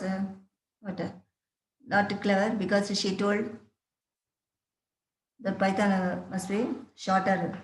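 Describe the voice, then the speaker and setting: A woman teacher explains a story at an average pitch, stopping often with fillers and asking her students questions. The recording carries a roomy echo. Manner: halting, many fillers, rhetorical questions to students. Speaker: English teacher.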